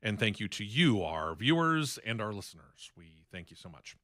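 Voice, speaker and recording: Bright-voiced man hosting racing talk radio. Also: fairly low pitch, big pitch swings, moderate pace. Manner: opinionated, chatty news rundown. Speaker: radio show host. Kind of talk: casual sports talk radio. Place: radio studio.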